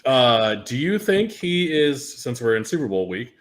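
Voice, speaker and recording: A man's voice: medium pitch, very animated, measured pace, a little hiss or hum. A man co-hosting a casual sports podcast, blunt and crude, swearing freely. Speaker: podcast co-host.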